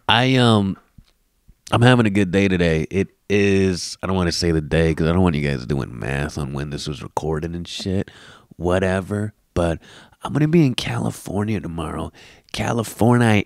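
A young man from Queens, New York, hosting his own comedy podcast, ranting in a brash, mocking, profane way with a smooth deep radio voice, recorded on a laptop mic. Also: animated, normal speed, dry recording, studio quality. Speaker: podcast host. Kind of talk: comedic solo podcast rant. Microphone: laptop camera mic.

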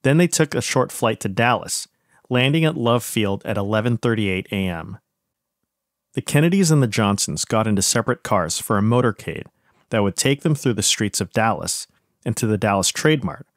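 A man, a podcast host, giving steady, measured scripted historical narration. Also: fairly low pitch, no echo, clean studio sound.

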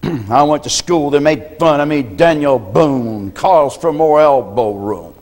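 Man preaching, folksy storytelling, slightly higher voice, long hall reverb, clears throat a lot. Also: expressive, a little slow, a little mellow. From United States. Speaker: pastor. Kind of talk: sermon.

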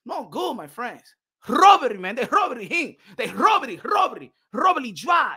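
Man from new york, heated bilingual rant, high voice, bright tone, mocking. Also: normal speed, slightly rough. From New York City. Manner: animated, mocking, switches between English and Spanish. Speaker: boxing commentator. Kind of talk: heated rant mixing English and Spanish.

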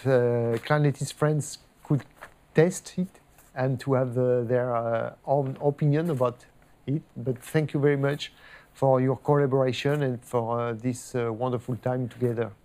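A man hosting a live product launch, pausing often with fillers. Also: medium pitch, fairly even intonation, warm tone. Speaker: event host. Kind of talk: hesitant live presentation.

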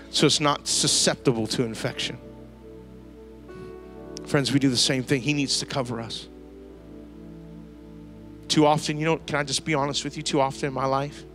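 A man preaching a sermon to a church congregation, telling a lively story and using casual slang. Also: on the high side. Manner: storytelling, animated, slangy asides. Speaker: pastor. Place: church service before a congregation.

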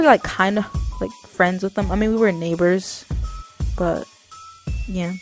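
A young woman vlogger telling a casual story, rambling with lots of fillers and self-mocking asides. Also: a little high.

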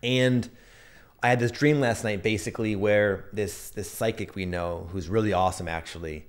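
A man's voice: on the low side, steady tone, normal speed. A man in his thirties giving a casual, earnest astrology update and sharing personal stories as he reflects. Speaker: astrology and energy reader.

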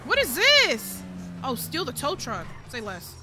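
A woman streams a game, loud, playful and swearing a lot as she talks to her viewers and the characters on screen. Her voice sits high, with game music clearly playing behind her. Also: wildly swooping pitch, unhurried. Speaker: gaming streamer. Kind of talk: casual let's-play commentary.

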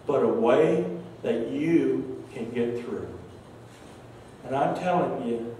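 An older male pastor preaching a sermon, telling a personal story slowly and earnestly, his voice often softening at the ends of phrases. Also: a little high, slight background noise. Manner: slow, earnest, emotional storytelling with soft trailing endings. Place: large church sanctuary. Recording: very echoey church hall, distant mic.

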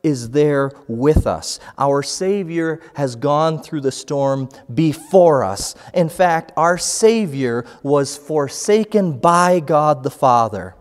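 A man preaching a sermon as pastor, slow and measured, reading scripture passages aloud. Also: a little high, in a large hall. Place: church sanctuary.

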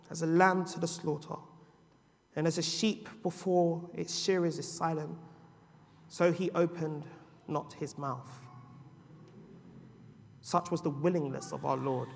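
A man preaching a sermon to his church, swinging between loud, building declarations and hushed, quiet drops. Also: on the high side, creaky. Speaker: pastor. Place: church sanctuary. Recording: church hall with long reverb.

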